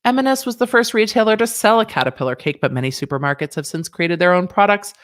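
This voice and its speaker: A woman's voice: fairly low pitch, expressive, fast talker. A woman hosting a casual livestream about a legal case, chatty and sassy with joking asides. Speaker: legal commentary host.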